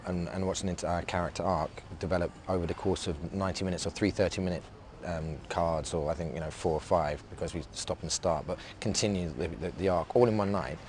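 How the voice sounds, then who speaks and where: Man, English accent, very low voice, faint background noise, halting, reflective interview talk. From England. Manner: halting and reflective, restarting sentences often. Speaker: actor being interviewed.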